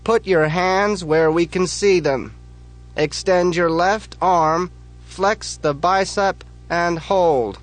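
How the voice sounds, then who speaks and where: Man voicing a male judge, clipped shouted commands, high, loud, slow, audiobook. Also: soft background music. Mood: commanding. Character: barking male contest judge and police voice.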